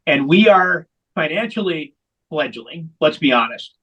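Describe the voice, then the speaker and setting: A man's voice: on the high side, animated, unhurried, bright, forceful tone, husky, poor audio. A man who founded a veterans hockey program, telling its story in an interview with candid, emphatic repetition. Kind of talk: long-form interview storytelling.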